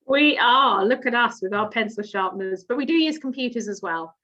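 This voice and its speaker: A woman with an English accent co-presenting a landscape design online in a measured way, with light teasing. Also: a little high, animated, bright, forceful tone, muffled recording. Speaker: landscape architect.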